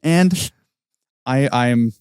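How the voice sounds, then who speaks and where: A man co-hosting a hockey podcast, talking in an animated, excitable way with some swearing. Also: mid-range voice, drawn-out words, clear, resonant tone, no room sound. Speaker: podcast co-host. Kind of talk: casual hockey chat.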